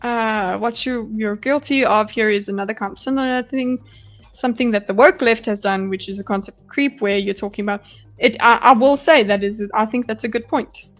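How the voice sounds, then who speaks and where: A woman with a high voice live-streams her breakdown of a debate, reacting bluntly and animatedly and swearing freely at a normal speed. Faint music plays quietly underneath her commentary.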